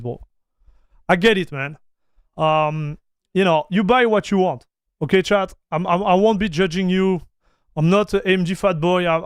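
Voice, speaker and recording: A man, hosting a casual livestream chat, animated and stammering, calling his viewers bro and dude. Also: high voice, clear, resonant tone, dry recording, studio quality. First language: French. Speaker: livestream host.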